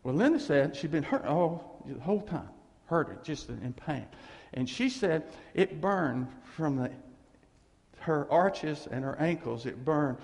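A middle-aged pastor preaches a storytelling sermon in a church sanctuary, spinning meandering, homespun stories broken by laughing asides, all under a long church-hall reverb. His voice is a little high, animated, slightly slow and a bit mellow.

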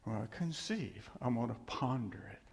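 An older man giving a casual, folksy sermon, chuckling often and teasing himself, with a gravelly voice. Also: mid-range voice, expressive, moderate pace, darkish tone. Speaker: preacher. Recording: reverberant hall.

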